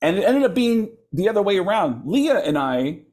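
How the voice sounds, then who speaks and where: A middle-aged man, a comedian guest in an interview, telling stories with lively energy and acting out the voices of people in them. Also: sits high, normal speed. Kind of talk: animated storytelling in an interview.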